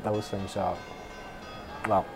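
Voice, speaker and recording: A man, a studio guest, gives soft-spoken, hesitant reflections on live news. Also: on the low side, little pitch movement, slow pace, over music.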